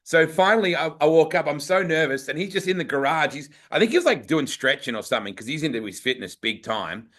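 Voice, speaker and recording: Male Australian host, eager storyteller, bright edgy tone. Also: on the high side, lively intonation, quick pace, few pauses. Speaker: podcast host. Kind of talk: casual podcast chat.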